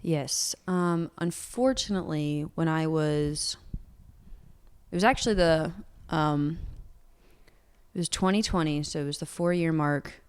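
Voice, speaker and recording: Smooth-voiced young woman, earnest and open. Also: low-pitched, measured pace. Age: young adult. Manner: earnest, open, heavy use of "like". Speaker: singer-songwriter guest. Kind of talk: candid interview talk.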